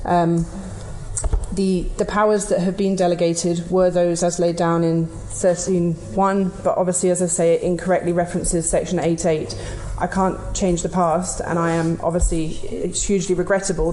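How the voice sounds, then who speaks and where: A woman government minister answering in parliament, measured and hesitant. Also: lowish voice, darkish tone, poor audio. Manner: hesitant, measured, with many ums.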